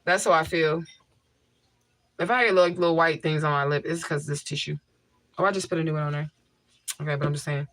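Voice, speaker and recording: A woman's voice: deep voice, steady tone, fairly quick, long pauses, fairly bright tone, no room sound. Woman, livestream host, blunt, repeats herself, reads viewer comments, dry sound. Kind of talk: casual livestream chat. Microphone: homemade tissue mic filter.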